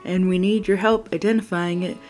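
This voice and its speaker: A woman's voice: on the low side, steady tone, brisk, darkish tone, soft background music, close to an everyday voice. A woman voicing a tall, goofy young nephew who talks eagerly and trips over his apologies.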